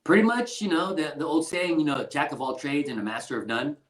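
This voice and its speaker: A man's voice: a little high, a little fast. Laid-back Texan man in a roomy space. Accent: Texas. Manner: relaxed, laid-back, self-deprecating humor. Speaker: mortgage lender guest. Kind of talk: casual interview chat. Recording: roomy echo.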